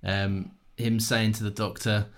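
A man's voice: on the low side, flat delivery, a little slow. A man co-hosting a casual podcast, dry and teasing, who swears casually. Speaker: podcast co-host. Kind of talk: casual chat.

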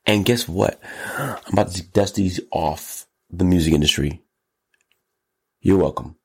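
A male host delivering an energetic solo commentary show, hyped and exclamatory, often jumping up to high squeals. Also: unhurried, slightly rough. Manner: hyped, exclamatory, gasping and laughing, jumps to squeals.

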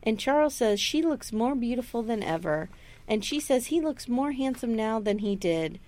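Woman rambling through a tv recap, pitch jumps all over, swears a lot. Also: moderate pace. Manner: animated storyteller, acts out quotes, swears freely. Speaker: podcast co-host recapping a TV episode. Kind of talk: casual chat.

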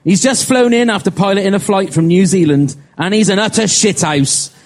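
A man's voice: high-pitched, normal speed. A man co-hosting a casual chat, giving showy, jokey introductions. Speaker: co-host.

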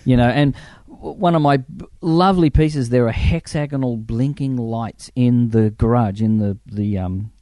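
In a relaxed interview, a middle-aged man who once worked on film crews shares spirited stories and imitates the people he's quoting. He speaks at a moderate pace with few pauses, in a mid-range voice recorded without echo.

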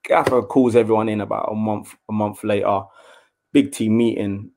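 Young man, casual storyteller, lively and chatty, a former footballer's interview voice. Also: fairly low pitch, normal speed, creaky, a little hiss or hum. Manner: animated storyteller, acts out quotes in a raised voice.

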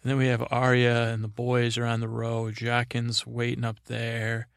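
A man's voice: medium pitch, completely flat delivery, normal speed, gravelly, smooth, dry recording, studio quality. A man hosting a podcast, giving a rambling recap meant to lull listeners to sleep, meandering and full of fillers. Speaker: podcast host. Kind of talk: drowsy rambling episode recap.

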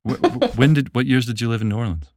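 A man from Memphis hosting a podcast, talking in a relaxed, rambling way with many restarts. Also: mid-range voice, fast. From Memphis, Tennessee, US. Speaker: podcast host. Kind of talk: casual conversation.

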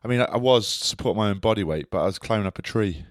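A man's voice: lowish voice, very fast, dry recording, studio quality. A man co-hosting a podcast, rambling casually with many fillers. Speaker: podcast co-host. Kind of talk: casual chat.

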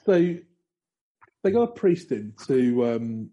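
A man's voice: medium pitch, sing-song, takes it slowly, highs cut off. A man co-hosting a podcast with a slight frog in his throat, telling stories in a wry, sardonic way. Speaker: podcast co-host. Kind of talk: casual banter.

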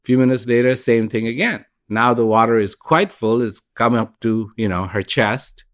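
A man's voice: mid-range voice, fairly even intonation, normal speed. An older man telling a parable and reflecting, with frequent restarts. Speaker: speaker and podcast host. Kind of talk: storytelling talk on inner life.

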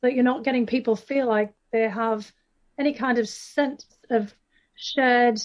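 A guest author, a woman with a Northeast England accent, answers interview questions at length and keeps restarting and using fillers. Her fairly high voice is steady and unhurried, heard through a muffled recording.

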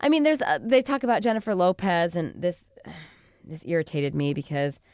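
A woman co-hosting a podcast in casual chat, animated and swearing, acting out the people she quotes. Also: lowish voice, moderate pace, no room sound, clean studio sound. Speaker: podcast co-host.

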